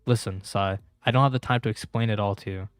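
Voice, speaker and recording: A man's voice: lowish voice, fast, smooth, no echo, natural voice. A man reading as a stern ninja commander. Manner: reads the lines out flatly, close to his own voice.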